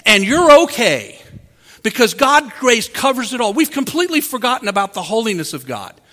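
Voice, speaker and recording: A man preaching a sermon as pastor, earnest and emphatic with dramatic pauses. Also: very high voice, sing-song, a bit bright. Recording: reverberant hall.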